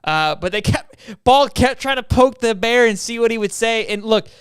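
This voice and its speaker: A man co-hosting a casual sports podcast, excitable, laughing often and drifting off on tangents. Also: extremely high pitch, normal speed, clear, resonant tone, dry recording, clean studio sound.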